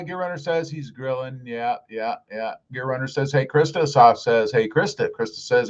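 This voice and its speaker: A man's voice: medium pitch, expressive, normal speed, hardly any pauses, dull audio. A middle-aged man hosting a casual live stream, reading viewer comments aloud in a friendly, upbeat way.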